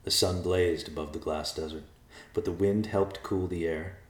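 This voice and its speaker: Deep-voiced male storyteller, echoey room. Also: steady tone, normal speed, slight background noise. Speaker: narrator. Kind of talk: storybook narration.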